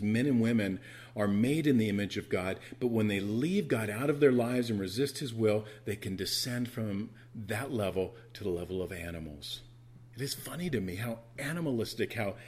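A man's voice: fairly low pitch, a little mellow, a little hiss or hum. A man preaching an earnest, tender sermon in a church as the pastor.

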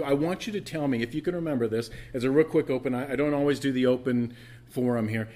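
A man's voice: mid-range voice, brisk, darkish tone. A man pastor preaching a sermon, emphatic and questioning the congregation as he teaches from scripture.

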